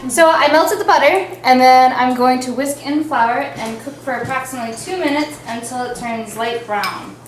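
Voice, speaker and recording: A woman's voice: sits high, normal speed, hardly any pauses. A young woman co-hosting a home cooking show, chatting casually and laughing often while she cooks. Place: home kitchen. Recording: echoey kitchen with clear noise.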